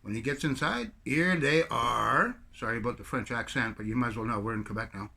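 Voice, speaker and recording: A man's voice: fairly low pitch, fast talker, pushed and bright, breathy edge. A man from Canada giving a rambling, sarcastic political rant to camera as a video commentator. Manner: rambling, sarcastic storyteller with mocking put-on French bits.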